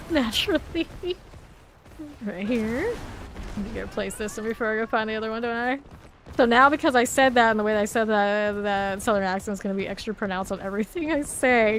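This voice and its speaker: A woman's voice: mid-range voice, normal speed, a little hiss or hum. A woman streamer chatting casually while playing a game live, rambling and laughing often.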